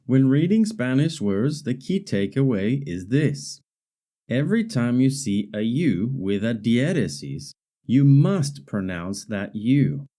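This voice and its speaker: A man reads a scripted language lesson at an unhurried, careful pace. His voice is warm and mellow, and his pitch moves a lot as he lays out each example. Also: big pitch swings. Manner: slow, careful, deliberate explanation with spelled-out examples. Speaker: language teacher.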